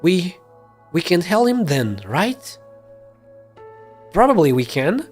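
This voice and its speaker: A man voicing small, nervous children in a game story, in a high squeaky put-on voice. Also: big pitch swings, slow, a little mellow, faint music behind, full character voice. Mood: nervous, earnest. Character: small scared curious kids, high and eager.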